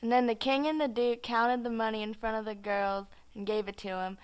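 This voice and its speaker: A young woman narrating a story for a student project in a relaxed, folksy way. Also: fairly high pitch, a little fast, very noisy.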